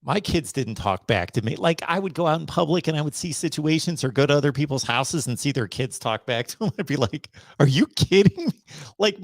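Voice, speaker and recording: A middle-aged man hosting a sports call-in livestream, talking emphatically and slowing down to drive his points home. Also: mid-range voice, creaky, no echo. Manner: emphatic, preachy, slows down to stress points. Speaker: host of a college football call-in show. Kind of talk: casual livestream monologue.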